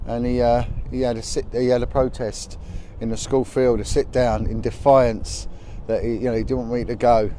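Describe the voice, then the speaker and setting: A man's voice: mid-range voice, flat delivery, normal speed, few pauses, warm tone. A man chatting on a casual livestream from outdoors, greeting viewers by name as he films on his phone. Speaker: livestream host. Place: outdoors on a high spot above the city at sunset. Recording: outdoor phone audio with faint traffic noise.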